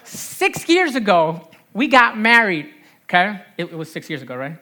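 A woman in her thirties with a New Jersey accent, preaching a lively sermon with call-and-response and repeated phrases. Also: medium pitch, moderate pace. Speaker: pastor.

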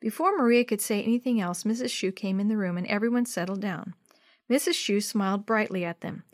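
A woman narrating a children's chapter book in a clear, steady storytelling voice. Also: mid-range voice, fairly quick, no echo, clean studio sound.

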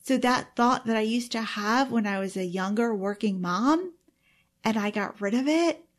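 Earnest, emotional woman coach, higher voice. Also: moderate pace. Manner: earnest and openly emotional, exclaiming. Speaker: time management coach; parent. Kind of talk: self-help teaching monologue.

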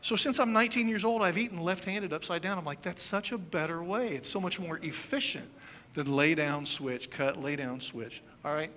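Fifties american pastor, kinda high bright voice, chatty storytelling sermon, jokey asides. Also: male voice, normal speed. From United States. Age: 50s. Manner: animated storytelling with demonstrations and playful asides. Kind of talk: conversational sermon.

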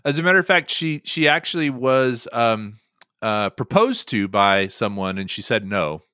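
Brief: male podcast host, bright and lively, fillers and restarts, dry close mic. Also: medium pitch, moderate pace, clear, resonant tone, dry recording. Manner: animated storytelling with many fillers. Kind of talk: casual chat podcast.

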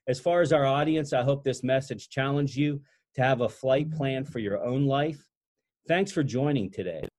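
A man's voice: medium pitch, darkish tone. Encouraging male podcast host. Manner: encouraging, motivational. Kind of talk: interview and show sign-off.

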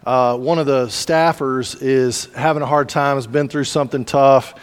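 A man's voice: medium pitch, steady tone, moderate pace, clear, resonant tone. Man preaching a sermon in a hall. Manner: conversational storytelling with asides. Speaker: pastor.

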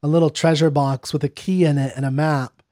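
A man's voice: on the high side, steady tone, a little fast, dark tone, dry recording, clean studio sound. A man co-hosting a podcast, chatting casually and jokingly with lots of fillers. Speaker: podcast co-host. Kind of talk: casual chat.

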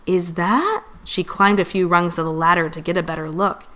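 A woman reading a children's storybook aloud in an expressive, animated way. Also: lowish voice, fast.

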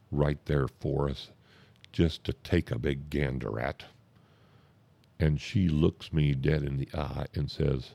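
A man spins a comic anecdote in a slow, drawn-out, deadpan way, stopping now and then to correct himself. His voice sits extremely low with a gravelly rasp. The tone is dark and husky. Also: no room sound. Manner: drawn-out, deadpan delivery with self-interruptions. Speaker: comic storyteller.

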